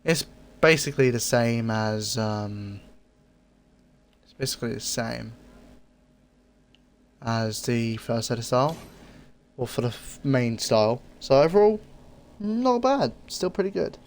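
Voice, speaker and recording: A man's voice: mid-range voice, expressive. Laid-back man rambling through a review. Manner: easygoing and rambling, often pausing with fillers. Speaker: gaming video creator. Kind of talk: casual game item review commentary.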